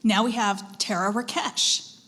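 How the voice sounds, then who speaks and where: A woman serving as pronouncer at a spelling bee, reading out words and dictionary definitions in a measured, deliberate way and prompting contestants politely. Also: medium pitch, fairly even intonation, fairly bright tone. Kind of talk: formal competition announcing. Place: school event hall.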